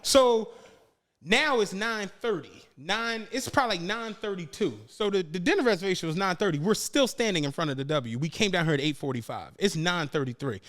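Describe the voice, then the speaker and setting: A man's voice: high-pitched, moderate pace. A man, a podcast co-host telling a long profane story and acting out the people in it. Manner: animated, profane, acts out the people in his story. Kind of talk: casual storytelling chat.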